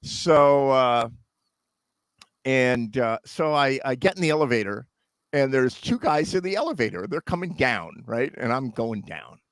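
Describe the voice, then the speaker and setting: Man, middle-aged, casual storyteller, animated, dry close sound. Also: mid-range voice, measured pace, no room sound. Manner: animated storyteller, acts out others' voices.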